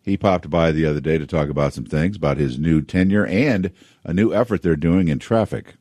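A man's voice: extremely low pitch, a little fast, warm tone, no room sound. A man hosting a local talk show, asking rambling conversational questions. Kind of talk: casual interview.

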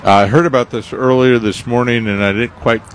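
A man co-hosting a radio gardening show in casual chat, talking haltingly with many fillers and restarts. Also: medium pitch, fairly even intonation, slight background noise.

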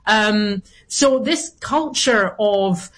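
A woman's voice: medium pitch, very slow, a bit bright. A woman gives a long, earnest interview answer in a mid-range voice. She keeps going through small restarts and fillers. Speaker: guest commentator.

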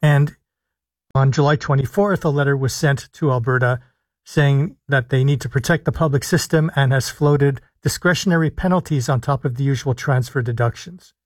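A man hosting a live call-in radio show as a physician, explaining health policy in a measured way and stressing key words with deliberate pauses. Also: mid-range voice, no room sound. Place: radio studio. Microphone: studio microphone.

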